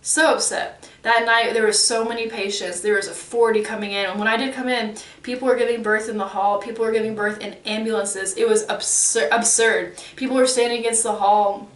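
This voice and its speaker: Woman, 30s, higher voice, lively casual storyteller, recorded roomy and off-mic. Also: a little fast, few pauses, recorded from a distance. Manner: animated, acts out quoted exchanges. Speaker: vlogger.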